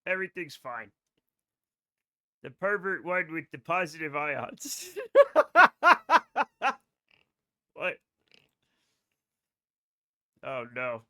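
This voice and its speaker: A man with a bright, somewhat high voice chats casually through a live game stream. He rambles from topic to topic, addresses his chat directly and swears without fuss. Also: slow pace, pauses often. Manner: rambling, chatty, swears freely, talks to chat.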